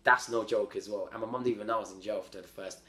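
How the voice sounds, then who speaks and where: A man with a lowish voice tells a long story in loose, slangy, animated talk, doubling back on himself as he goes. The room around him is echoey. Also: very fast. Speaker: podcast guest. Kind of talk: casual storytelling. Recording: roomy echo.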